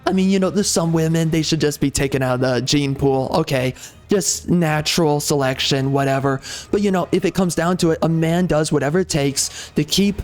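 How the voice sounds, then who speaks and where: A man's voice: fairly high pitch, brisk, faint music behind. A man hosting a gaming channel, giving opinionated commentary in a rambling, emphatic way with many fillers and restarts.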